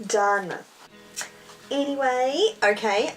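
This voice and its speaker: A woman's voice: medium pitch, slow, faint music behind. A young woman chatting casually and self-mockingly through a makeup tutorial. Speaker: beauty vlogger.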